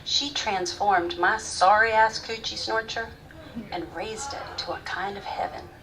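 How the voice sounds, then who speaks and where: An actress performing a live stage monologue as a grown woman candidly recalling her first love, sometimes soft, sometimes loud. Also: medium pitch, steady tone, measured pace, a crowd in the background, natural voice. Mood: frank recalling. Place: theater stage, live audience. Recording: distant stage mic, faint room noise.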